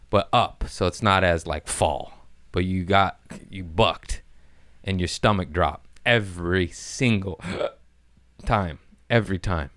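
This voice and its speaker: Deep-voiced man on a crude, rambling rant. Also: no echo, studio quality. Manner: rambling, crude, riffing with sudden loud bursts. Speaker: comedian podcast host. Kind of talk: casual comedic rant.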